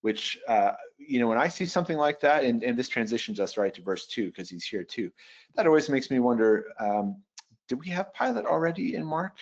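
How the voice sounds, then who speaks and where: A man teaching a Bible software webinar, thinking aloud as he works through a passage. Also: mid-range voice, big pitch swings, brisk. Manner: thoughtful, thinking aloud with restarts. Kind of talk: webinar teaching with screen demo. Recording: dull lo-fi webinar audio.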